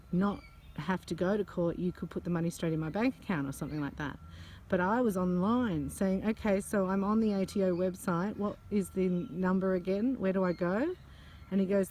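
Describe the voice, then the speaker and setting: A woman talks through a personal story in a casual, chatty vlog, her voice sitting a little low. She shares it as a psychic channeler, animated and quick to break into laughter. Faint outdoor noise sits behind her. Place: outdoors among butterflies.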